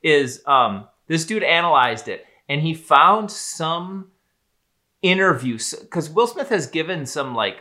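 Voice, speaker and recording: Bright-toned man musing in casual chat. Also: on the high side, big pitch swings, unhurried. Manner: conversational, musing, loose with filler words.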